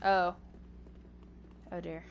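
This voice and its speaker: A woman's voice: fairly low pitch, level tone, extremely slow, highs cut off, a little hiss or hum. A woman streaming a game, chatting playfully with her chat and co-players.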